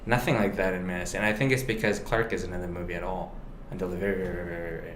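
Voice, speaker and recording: A man chatting casually as a guest, rambling eagerly about movies with quick laughs. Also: deep voice, steady tone, a bit bright, a little hiss or hum. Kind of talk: casual chat. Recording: roomy echo.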